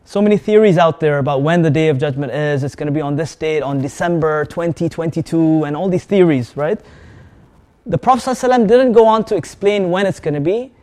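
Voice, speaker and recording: High-voiced man preaching a lively sermon. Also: fast. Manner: lively, asks the audience questions; mixes in Arabic words and recitation. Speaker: Islamic preacher.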